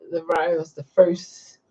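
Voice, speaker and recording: A woman's voice: on the low side, dark tone, breathy edge, dull audio. A woman hosting a casual livestream, chatting and reacting to viewer comments with frequent laughs. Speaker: livestream host.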